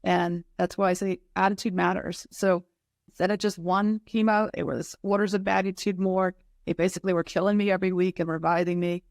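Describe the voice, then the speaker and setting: A woman's voice: fairly low pitch, fairly even intonation, a little fast, gravelly, dry recording, studio quality. A middle-aged woman guest on a podcast, telling a candid personal story in an earnest way and acting out her own past reactions.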